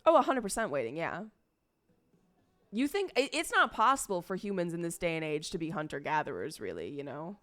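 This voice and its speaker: A woman's voice: sits low, big pitch swings, fast talker, few pauses, fairly bright tone, soft background music. A young woman streaming, chatting casually and rambling to her viewers, swearing freely along the way.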